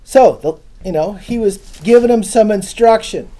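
A man's voice: sits high, normal speed, mellow. A man giving an informal Bible teaching to a small live audience, chatty and casual, often asking the listeners questions. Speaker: preacher.

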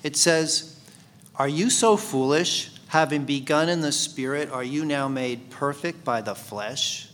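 A man's voice: fairly high pitch, unhurried, a bit bright, slight background noise. A man teaching a Bible study sermon in a conversational way, asking his listeners questions. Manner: conversational, asks the congregation questions.

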